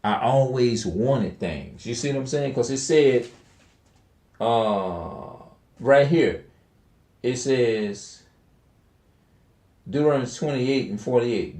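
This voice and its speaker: A man's voice: mid-range voice, animated, slow, pauses often, a little mellow. A man in a mid-range voice rambles on to his viewers in slangy, looping talk, reading scripture aloud now and then. The room is echoey, so his voice rings off the walls. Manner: slangy, rambling, repeats himself. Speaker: video creator.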